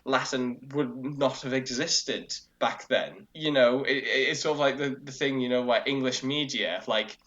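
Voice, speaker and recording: A man co-hosting a casual discussion podcast, explaining at length in a rambling, animated way, full of fillers and restarts. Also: medium pitch, unhurried, few pauses. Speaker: co-host. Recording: lo-fi dull audio.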